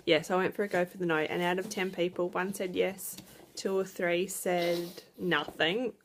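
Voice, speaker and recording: A woman's voice: on the low side, steady tone, normal speed, slight background noise. A young woman chatting casually to camera about her direct sales business, often laughing. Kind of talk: casual vlog chat. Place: at home.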